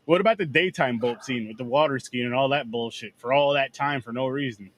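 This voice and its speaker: A man in casual podcast chat, chatty and quick to laugh. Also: mid-range voice.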